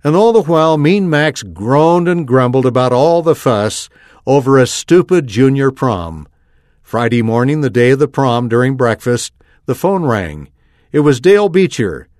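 Male reader, first-person story narration, animated, mid pitch. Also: measured pace, dry recording, studio quality.

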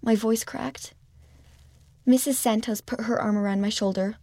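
A woman reads a children's story aloud in first person, gently and expressively. Her voice sits a little high, with a gravelly, fry-edged texture, and it is recorded dry and close. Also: steady tone, normal speed, no room sound. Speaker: storybook reader.

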